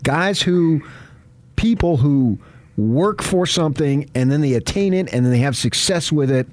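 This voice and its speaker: A man's voice: a little high, lively intonation, measured pace, a little mellow, no room sound. A man hosting a morning sports radio show in a studio, talking with effusive, emphatic praise. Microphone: studio microphone.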